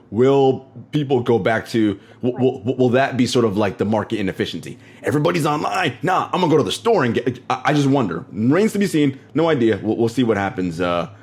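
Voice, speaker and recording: A man's voice: on the low side, darkish tone. A man hosting a podcast, easygoing and thinking aloud, laughing often. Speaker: podcast host. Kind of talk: casual podcast chat.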